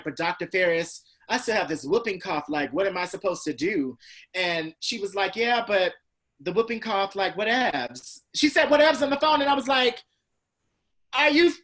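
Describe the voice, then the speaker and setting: A man from Georgia in the US, a teacher telling a class a personal story. He acts out other people's lines with big pitch swings. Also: bright, forceful tone. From Georgia, USA. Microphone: video call.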